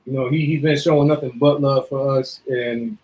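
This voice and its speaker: A man's voice: medium pitch, fairly even intonation, moderate pace, darkish tone, low-quality recording. A man co-hosting a talk show, speaking casually and easily, with frequent fillers. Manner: easygoing, filler-heavy. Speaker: podcast co-host. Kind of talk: casual chat.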